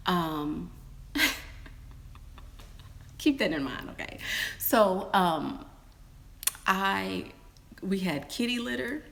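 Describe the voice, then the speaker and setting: A woman telling a story casually to her viewers, calling them y'all and girl, jumping into squeaky or whispered voices when she quotes people. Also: vocal fry. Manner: animated, acts out quotes in high squeals and whispers. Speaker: storytime vlogger.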